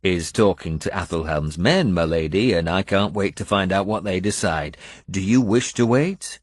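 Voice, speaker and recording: A man's voice: low-pitched, moderate pace, slightly rough, no room sound, clean studio sound. A man voicing a hardened warrior lord in an audiobook, blunt and commanding.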